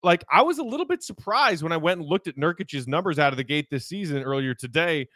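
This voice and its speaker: A man's voice: a little high, expressive, fast, fairly bright tone, dry recording. A man hosting a casual sports podcast who reads off stats and asks his co-host questions.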